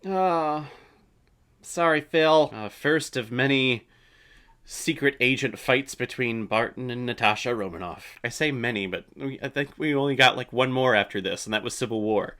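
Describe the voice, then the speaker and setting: A man's voice: medium pitch, moderate pace, pushed and bright. A man hosting a casual movie reaction, chatty and opinionated, swearing now and then.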